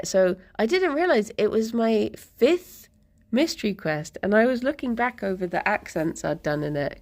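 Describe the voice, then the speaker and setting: A young woman from near London, chatting casually with her stream viewers, laughing often and losing her thread mid-sentence. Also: mid-range voice. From England, near London. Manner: chatty and giggly, drifting off mid-thought.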